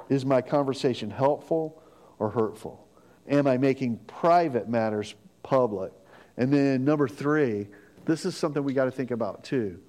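A middle-aged man preaching a sermon as pastor, conversational and animated, acting out quotes as he goes. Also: medium pitch.

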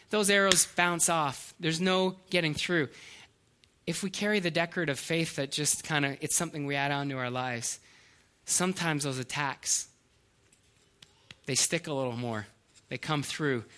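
A man's voice: sits high, sharp tone. A middle-aged male pastor preaching a sermon, earnest and storytelling, with small hesitations and restarts.

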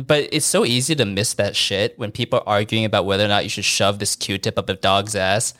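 A man in casual, profane chat, telling animated stories and mimicking people in high put-on voices. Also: a little fast, few pauses.

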